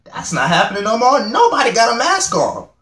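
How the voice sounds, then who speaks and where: A man's voice: very high voice, huge pitch swings, a little fast, bright, forceful tone, echoey room. A young man reacting to a music video, chatting in a rambling, self-mocking way and laughing at himself often. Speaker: reaction vlogger. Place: home room.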